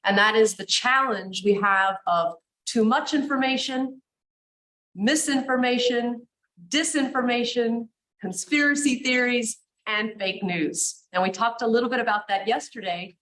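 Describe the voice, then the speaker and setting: A woman's voice: a little high, a little slow, fairly bright tone, rough recording. A woman moderating a conference session, welcoming the audience and introducing a speaker with enthusiasm.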